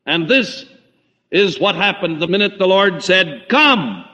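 Bright-voiced male preacher in a reverberant hall. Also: animated, a little slow. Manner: dramatic, swinging between loud emphasis and hushed low tones. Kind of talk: sermon. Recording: muffled lo-fi recording in a reverberant hall.

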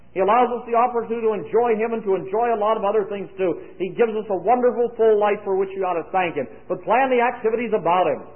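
High-voiced preacher on a tinny recording. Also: male voice. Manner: dry humorous asides. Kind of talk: sermon. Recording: tinny lo-fi, phone-like sound.

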